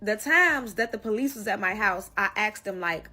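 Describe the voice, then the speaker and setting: Woman, storytime teller, lively and emphatic with blunt cursing, faint music underneath. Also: mid-range voice, moderate pace. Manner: animated, emphatic, swears freely. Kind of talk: casual storytime.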